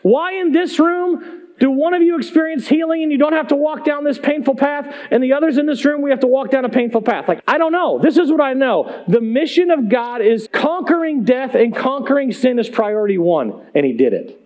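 High-voiced man preaching a sermon. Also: lively intonation, brisk, a little mellow. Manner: emphatic, conversational preaching with rhetorical questions. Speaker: pastor. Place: church sanctuary.

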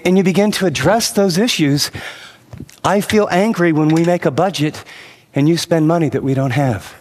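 Male pastor, slightly high voice, conversational sermon that turns emphatic; long hall reverb. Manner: conversational, rising to emphatic exhortation.

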